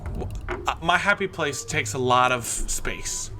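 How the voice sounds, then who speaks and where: A man's voice: fairly high pitch, animated, unhurried, pushed and bright, a little hiss or hum. Rambling, stammering man player. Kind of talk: tabletop game banter.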